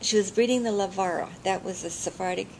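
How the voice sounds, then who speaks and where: A woman's voice: mid-range voice, fast, vocal fry, a little mellow, a little hiss or hum, low-quality recording. An older woman telling family stories in an oral history interview, chatty and laughing often.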